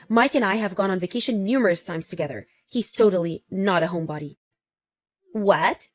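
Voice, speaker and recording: A woman's voice: mid-range voice, a little mellow, no room sound, natural voice. A woman voicing a protective young fiancée who speaks firmly and with indignation in a text-message story. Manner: firm, indignant.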